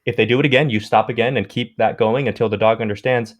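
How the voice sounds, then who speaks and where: A man who co-hosts a dog training podcast, explaining ideas in a steady, conversational way. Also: mid-range voice, fast.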